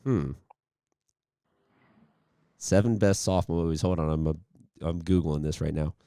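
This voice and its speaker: A man's voice: low-pitched, a little slow, warm tone, smooth, dry recording. A man hosting a sports interview, upbeat and chatty, rambling with restarts. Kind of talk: casual interview.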